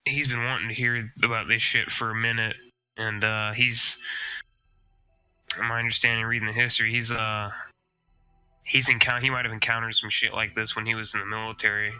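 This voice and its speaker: A man's voice: fairly low pitch, level tone, normal speed, sharp tone, clear, resonant tone, no room sound, poor audio. A man playing a tabletop game, loosely describing his character, with some swearing. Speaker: player. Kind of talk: casual tabletop play.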